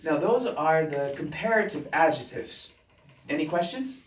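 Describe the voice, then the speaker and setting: A male teacher giving a classroom grammar lesson, talking slowly and deliberately and checking in with students after nearly every point. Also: fairly high pitch, expressive. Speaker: English teacher. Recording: roomy classroom sound from a distant mic.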